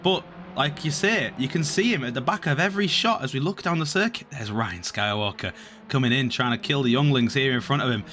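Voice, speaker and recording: Bright-voiced excitable male race commentator. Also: mid-range voice. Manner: excitable, calls positions quickly. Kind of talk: sim racing commentary.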